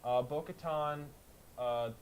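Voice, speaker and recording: A man co-hosting a casual podcast, retelling a show in a rambling, animated way and slipping into quick voices. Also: on the high side, rough recording. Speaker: podcast co-host. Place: house with a kitchen fan running. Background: faint fan hum.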